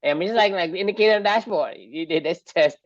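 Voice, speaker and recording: Woman cohost, low voice but bouncy, kinda muffled audio. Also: fast, no echo. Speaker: podcast co-host. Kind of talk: casual podcast chat.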